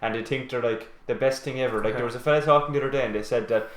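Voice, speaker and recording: A teenage Irish lad co-hosting a podcast, telling rambling stories full of "like" fillers. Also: male voice, medium pitch, fairly even intonation, very fast, echoey room, rough recording. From Ireland. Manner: rambling storyteller, lots of "like" fillers. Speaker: podcast co-host. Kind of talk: casual group chat.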